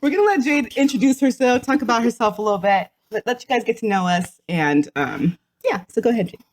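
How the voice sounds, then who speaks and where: A woman's voice: on the high side, expressive, fast. Giggly chatty woman podcast co-host. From Washington state, US. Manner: giggly, rambling, many restarts. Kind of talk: casual chat.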